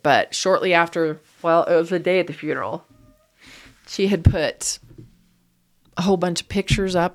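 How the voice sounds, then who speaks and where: A woman guest telling a painful personal story in an interview, raw and grieving, her voice surging up when upset. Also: fairly low pitch. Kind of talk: emotional interview.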